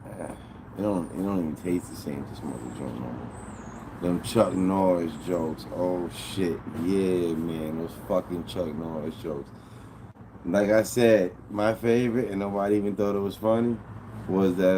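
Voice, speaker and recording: A man's voice: low voice, unhurried. A man streaming casually, reading chat aloud and chatting in a laid-back, profane, slangy way. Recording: steady background noise with vehicle sounds.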